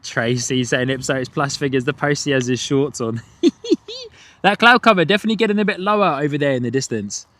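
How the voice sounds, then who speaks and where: Bright and forceful, his mid-range voice moves briskly as he hosts a live stream of plane-spotting outdoors at an airport. The British man has an Australian and New Zealand twang and keeps chatting and laughing often as he reads out viewer messages.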